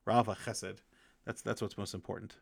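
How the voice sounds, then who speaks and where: Retelling the stories from a book he's reviewing, a man speaks in a low, gravelly voice with a flat delivery. His speech is halting and casual, full of restarted phrases and fillers. The sound is close and dry, with no room echo at all.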